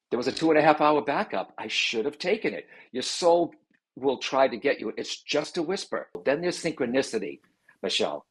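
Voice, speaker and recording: A man, a guest on a talk show, explaining in an animated conversational way and acting out the voices he quotes. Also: on the high side, normal speed, breathy edge. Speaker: psychic medium guest.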